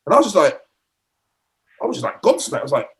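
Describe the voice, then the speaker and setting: A man's voice: on the high side, sing-song, quick pace, fairly bright tone. A middle-aged man, a former footballer telling rambling anecdotes in a podcast interview, often restarting and acting out quotes.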